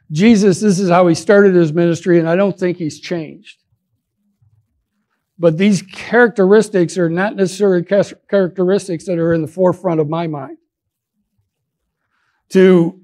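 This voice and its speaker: A man's voice: high voice, darkish tone. A middle-aged man preaching a sermon as pastor, earnest and conversational, often restarting his words.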